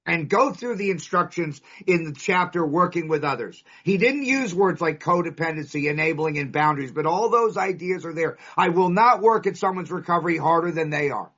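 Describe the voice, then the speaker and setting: This California man talks briskly with few pauses, his fairly high, slightly bright voice full of lively intonation. In an emphatic recovery-meeting share before a live audience, he tells his story and lands points with punchy lists. The recording is dull and lo-fi.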